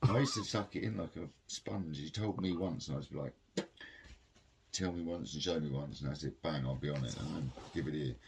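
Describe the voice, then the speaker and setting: A man's voice: extremely low pitch, a little fast, a little mellow. A man, telling work stories in casual chat and acting out both sides of arguments. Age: 40s. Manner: swears a lot, acts out both sides of arguments. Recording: noisy background.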